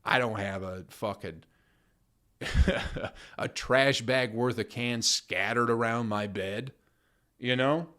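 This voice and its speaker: A man's voice: mid-range voice, slow, fairly bright tone. A man hosting his own podcast, ranting with heavy swearing and mocking put-on voices of other people. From United States. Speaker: podcast host. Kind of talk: profane comedic rant.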